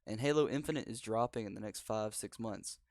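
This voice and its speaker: A man's voice: lowish voice, brisk, vocal fry, a little mellow, dry recording. A teenage boy hosting a casual podcast chat, rambling and laid-back. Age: teens. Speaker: podcast host. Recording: dry home recording over spotty internet.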